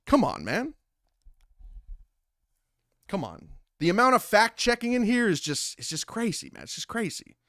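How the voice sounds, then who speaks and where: A young man hosting a live stream, ranting with loud, profane bursts and reading out messages from chat. His voice sits high for a man and sounds close and dry, with no room around it. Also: huge pitch swings, moderate pace, long pauses, dry recording. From Italian heritage. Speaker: livestream host. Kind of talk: casual livestream commentary.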